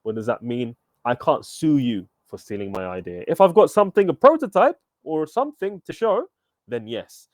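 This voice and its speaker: A man coaching an online entrepreneurship workshop, energetic and upbeat, asking viewers for thumbs up and comments. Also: medium pitch, normal speed, no echo. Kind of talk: live online workshop teaching.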